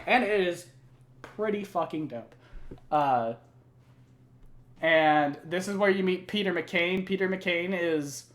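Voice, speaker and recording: A young man casually recounting video game lore, rambling and swearing, with plenty of fillers. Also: fairly high pitch. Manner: rambling, profane, many fillers. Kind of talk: casual chat.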